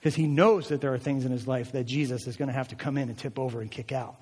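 A man's voice: mid-range voice, fast talker, darkish tone, slightly rough, in a large hall. A male pastor preaching a sermon, earnest and emphatic, with a lot of repetition.

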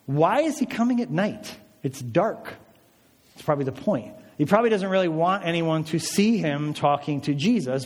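Lively male preacher in an echoing hall. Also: on the high side. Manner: lively, conversational, asks the audience. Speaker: pastor. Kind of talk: sermon. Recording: reverberant hall.

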